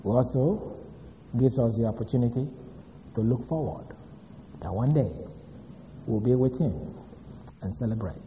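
A man's voice: medium pitch, normal speed, pauses often, slight background noise. Guy preaching, leans hard on single words, muffled recording in a big echoey hall. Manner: emphatic, stresses single words. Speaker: pastor. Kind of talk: sermon. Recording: dull reverberant hall recording.

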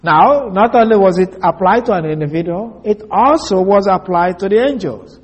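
A man preaching an expository sermon, reading scripture slowly and stressing key words. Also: sits high, animated, husky.

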